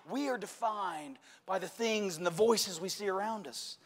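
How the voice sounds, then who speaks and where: High-voiced preaching man, gravelly. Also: a little slow, few pauses. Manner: passionate preaching with shouted emphasis. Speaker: pastor. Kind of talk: Easter sermon. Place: church sanctuary. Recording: long reverb of a church hall.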